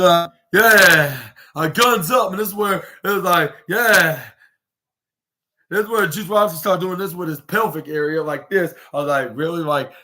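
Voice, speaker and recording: A man hosting a podcast, rambling through a casual wrestling recap with lots of restarts and fillers, and acting out what the wrestlers said. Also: on the high side. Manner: animated, acts out quoted lines. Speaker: podcast host.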